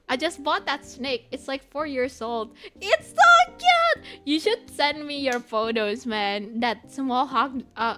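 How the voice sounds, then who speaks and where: Giggly high-voiced young woman streamer. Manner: giggly, squeals high when excited. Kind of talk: casual chat with chat. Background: soft background music.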